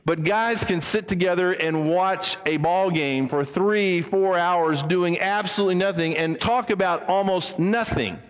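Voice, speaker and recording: A man preaches with an animated delivery and acts out the people he quotes. His voice sits a little high for a man. It rings with the long reverb of a church hall. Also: a little slow, few pauses. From United States. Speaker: pastor. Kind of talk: sermon.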